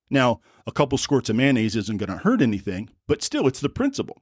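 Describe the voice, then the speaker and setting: A man's voice: mid-range voice, wildly swooping pitch, a little fast, hardly any pauses, husky, no room sound, studio quality. A man from the United States hosting a podcast, telling a travel story in a casual, rambling way with wry asides and self-corrections. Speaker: podcast host.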